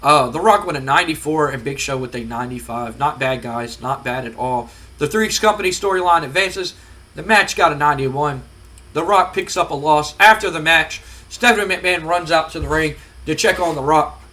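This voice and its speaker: Bright-voiced man narrating a game. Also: a little high. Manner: rambling, filler-heavy. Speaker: game streamer. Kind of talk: casual narration of a wrestling sim.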